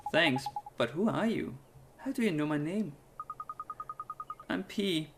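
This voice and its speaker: A man voicing a mysterious little ghost girl, speaking in a soft, raised voice. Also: on the high side, animated, slow pace, noisy background, pitched above the performer's own voice.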